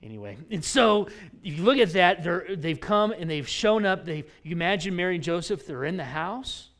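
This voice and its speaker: A man preaching a sermon in a fairly high voice. He retells the story with lively energy, rising loud on key points and dropping to a near whisper on others. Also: normal speed. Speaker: pastor.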